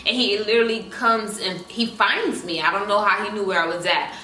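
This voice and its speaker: A young woman vlogging, telling a casual storytime in an animated way with asides straight to her viewers, in an echoey room away from the mic. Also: mid-range voice, a little fast. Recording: echoey room, mic at a distance, faint room noise.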